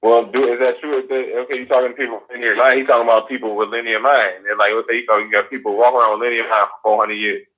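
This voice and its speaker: A male host leads a casual radio talk show and keeps putting slangy, probing questions to his guest. His voice sits at an ordinary middle pitch. The audio is narrow and phone-like. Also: little pitch movement, racing, hardly any pauses.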